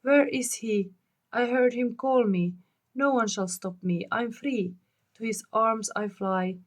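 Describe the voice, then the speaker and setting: A woman's voice: a little high, slow pace. A woman reading aloud, voicing a desperate young imprisoned woman who pleads frantically for her life. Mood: elated.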